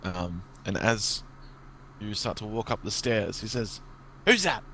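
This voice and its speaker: A man narrating as dungeon master in a tabletop game, relaxed and halting with many fillers. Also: fairly low pitch.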